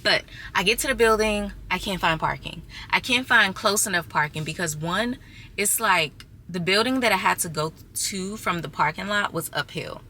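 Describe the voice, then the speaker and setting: With a mid-range voice, a sharp tone and normal speed, a young woman who's six months pregnant vlogs casually, chatting to her viewers as "y'all" in an exasperated way. There's a little background noise as she tells her story.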